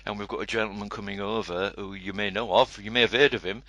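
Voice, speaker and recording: A co-host with an East Yorkshire accent from Hull, chatting in a jokey, friendly way. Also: male voice, fairly low pitch, steady tone, quick pace, bright, forceful tone. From England. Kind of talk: casual chat.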